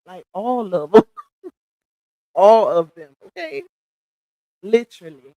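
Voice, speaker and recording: She speaks slowly but with lively intonation, her medium-pitched voice warm. A middle-aged woman hosting a laid-back gossip livestream, she reads viewer comments aloud, reacts in sassy slang, and laughs often, all on a dry, rough recording.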